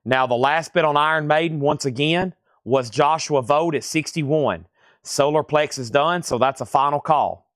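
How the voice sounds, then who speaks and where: A man hosting a live online vinyl record auction, briskly reading out records, grades, prices and bidders. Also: on the high side, fairly bright tone, no room sound, clean studio sound.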